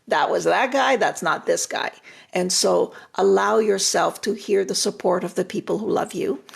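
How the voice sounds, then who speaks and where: A retired relationship therapist, an older woman whose voice is deeply gravelly and husky, hands out advice during a live stream. She is direct and reassuring, returning to the same phrase again and again to stress a point.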